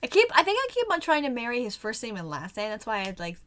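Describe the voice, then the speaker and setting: A woman's voice: fairly high pitch, huge pitch swings, fast, fairly bright tone. A young woman chatting casually as she reacts to an anime episode, giggling often and trailing off into fillers. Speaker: anime reaction channel host.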